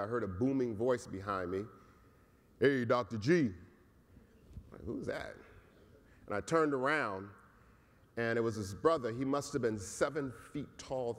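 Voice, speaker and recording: A man who is a college professor, giving a storytelling keynote speech in a conversational way and often tagging lines with "right?". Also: mid-range voice. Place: large conference hall. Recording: echoey hall.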